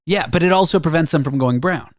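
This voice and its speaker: Canadian guy hosting radio, talks on and on with little pauses, dry close mic. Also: on the high side, no room sound. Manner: chatty, explains at length with hesitations. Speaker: radio host. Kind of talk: casual radio banter.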